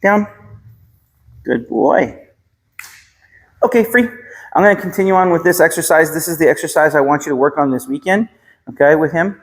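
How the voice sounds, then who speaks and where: An American man working as a dog trainer, calmly explaining a training session to the dog's owners while giving short commands to the dog. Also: on the high side, fast talker. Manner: calm, instructive, repeats short commands to the dog. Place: training room with a dog present. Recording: reverberant room, faint background noise. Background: dog barking and clicks.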